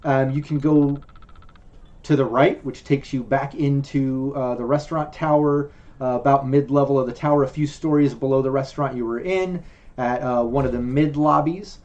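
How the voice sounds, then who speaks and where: A man narrating as game master in a relaxed, chatty way, with many fillers. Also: mid-range voice, moderate pace, highs cut off. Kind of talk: narrating a tabletop role-playing game.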